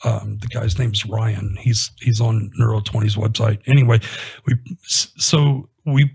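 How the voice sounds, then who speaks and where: The speaker is a man with a gravelly, husky mid-range voice. During an interview he casually relates a patient story, animatedly retelling the conversations in quoted dialogue.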